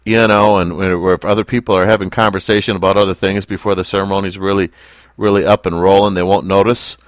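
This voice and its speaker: A man teaching a Bible lesson to a small group, speaking slowly and deliberately and putting questions to his listeners. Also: sits low, level tone, no echo, studio quality. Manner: slow, deliberate, asks the class questions.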